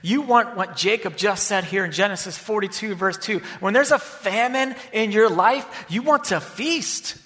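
A man preaching a sermon, swinging from loud emphasis to hushed near-whispers. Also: high-pitched, normal speed, hardly any pauses. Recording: long hall reverb.

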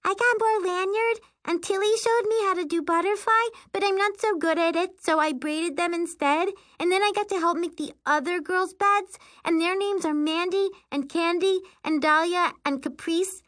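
A woman voicing a homesick six-year-old girl who talks in a high, babyish, pleading way. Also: moderate pace, hardly any pauses, fairly bright tone, no echo, studio quality. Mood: chatty.

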